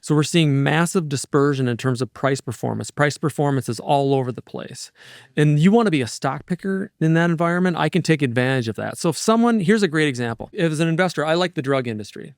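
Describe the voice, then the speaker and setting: A man in his fifties, a market strategist guest in an interview, talking in an energetic, rambling, digressive way. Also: fairly high pitch, fast talker, dry recording, studio quality. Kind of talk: casual interview talk.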